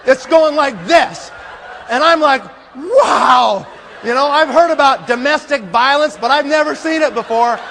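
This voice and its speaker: A man telling a comic story as a conference speaker, animated and acting out scenes with sound effects, in a large hall. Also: very high-pitched, moderate pace, slight background noise.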